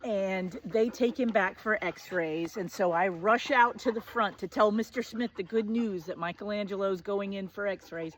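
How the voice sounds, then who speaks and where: A woman's voice: medium pitch, unhurried, hardly any pauses, a little hiss or hum. A woman in her forties telling a personal story in a vivid, self-mocking, conversational way, full of "like" asides. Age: 40s.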